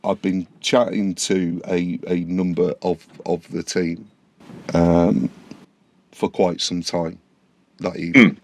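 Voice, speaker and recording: Very deep-voiced man, halting chat. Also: little pitch movement. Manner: halting, repeats words while recounting. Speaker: podcast co-host. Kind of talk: casual chat.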